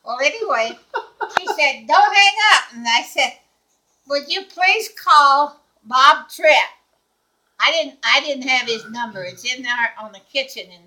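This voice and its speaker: An older woman telling a lively personal story, laughing often and acting out the people in it. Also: sits high, unhurried, poor audio. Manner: acts out quoted dialogue. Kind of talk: casual anecdote.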